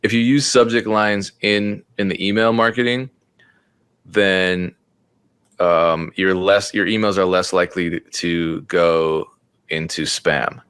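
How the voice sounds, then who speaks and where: A man with a very low voice teaches a casual online class, thinking out loud as he types and restarting his sentences. Now and then he cracks a sarcastic joke. The sound is dry and close, with no room around it. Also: fairly even intonation, takes it slowly, clean tone, dry recording. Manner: thinks aloud, stumbles and repeats words while typing; joking and sarcastic at times. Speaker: music producer teaching a beat-selling class. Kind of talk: casual live-streamed tutorial.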